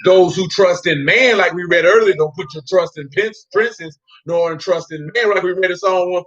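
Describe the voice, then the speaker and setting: A man preaches in a loose, slangy street-talk way, his voice sitting a little high for a man. He calls on people in the room by name and quizzes them. The recording sounds muffled and lo-fi. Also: fairly quick, few pauses, a bit bright. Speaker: Bible teacher. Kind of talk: informal Bible study sermon.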